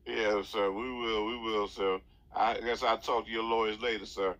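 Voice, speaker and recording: A man's voice: lowish voice, flat delivery, moderate pace, fairly bright tone. A man hosting a comedic phone call, trading mocking, laid-back street talk with the caller. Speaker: host.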